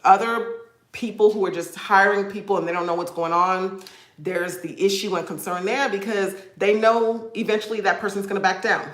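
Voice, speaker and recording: On a live video call, a woman working as a credit repair coach gives her viewers a motivational pep talk, warm and encouraging, calling them "y'all." Her voice is mid-range and the room sounds echoey.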